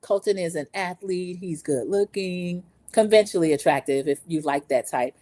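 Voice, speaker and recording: Her voice is lowish and warm, moving at a moderate pace in a dry recording. She's a middle-aged woman who has lived in the American South for more than twenty years, hosting a casual, opinionated recap and talking straight to her viewers.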